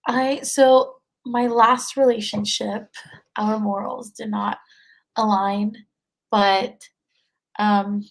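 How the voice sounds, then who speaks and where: A woman's voice: medium pitch, fairly even intonation, drawn-out words, gravelly, low-quality recording. A young woman in her twenties, a podcast guest, talking casually with many fillers and frequent laughs. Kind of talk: casual conversation.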